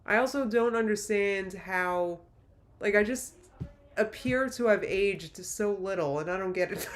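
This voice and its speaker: A woman's voice: mid-range voice, a little slow, faint music behind. A woman in her late thirties chatting casually on a livestream, reading viewer comments in an emotional, rambling way with many restarts. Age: late 30s. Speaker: YouTuber livestream host.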